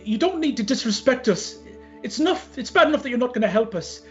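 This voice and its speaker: Guy doing a fierce peasant bird-mom, low and tight, rustic talk. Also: expressive, quick pace, highs cut off, soft background music. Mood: defiant. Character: fierce bird-folk mother, defiant peasant.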